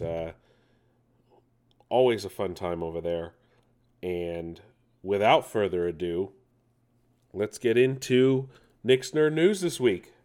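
A man's voice: lowish voice, darkish tone. A man hosting a casual nerd news show, playful and rambling, full of jokes and asides to himself.

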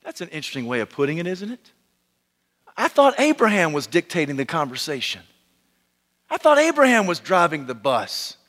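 A male pastor delivers a sermon in a high, bright voice that rings out with the long reverb of a large hall. He hammers his points with repeated phrases and rhetorical questions, then drops to a slow hush on the key lines. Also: wildly swooping pitch.

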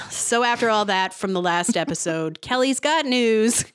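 A woman's voice: on the high side, lively intonation, moderate pace, hardly any pauses, a bit bright, clear, resonant tone, no room sound, studio quality. A woman hosting a podcast and giving a casual TV episode recap in a sarcastic, giggly way. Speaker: podcast host.

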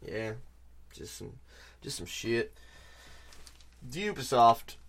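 Animated young man chatting about games. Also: mid-range voice, takes it slowly, noisy background. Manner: animated, swearing, lots of fillers. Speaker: podcast host. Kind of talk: casual gaming chat.

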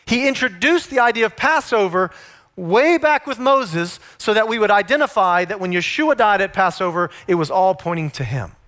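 A man's voice: sits high, animated, normal speed, a bit bright. A man preaching a sermon, emphatic and full of rhetorical questions put to his listeners.

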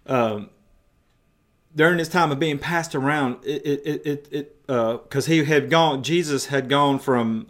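A man preaching a sermon, retelling a story emphatically and in vivid detail. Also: medium pitch.

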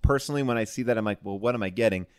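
A man, a comedian guest on a podcast, talking in a wry, animated way. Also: lowish voice, rapid-fire, smooth, no echo, studio quality. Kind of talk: casual comedy podcast chat.

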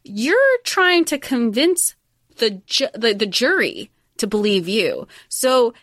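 A woman's voice: fairly high pitch, takes it slowly, no echo, clean studio sound. A woman co-hosting a podcast, chatting casually and animatedly about a film and acting out its lines. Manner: animated, acts out film lines in quoted voices. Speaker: podcast co-host. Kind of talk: casual chat.

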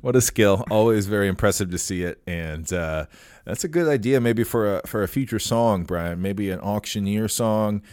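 A man hosting a casual podcast, talking in a halting way full of fillers and restarts. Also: fairly low pitch, darkish tone, no echo, studio quality. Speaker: podcast host. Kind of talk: casual chat.

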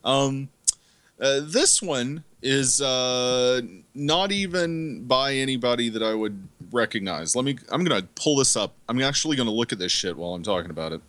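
A man's voice: medium pitch, expressive, moderate pace, a bit bright, no room sound. A man co-hosting a podcast, reviewing movies in casual chat, rambling and swearing with lots of fillers. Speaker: podcast co-host.

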